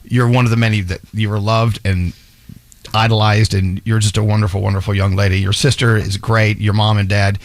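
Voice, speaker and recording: A man's voice: fairly low pitch, little pitch movement, brisk, dry recording. A man hosting a morning radio show, upbeat and congratulatory as he banters with the studio crew.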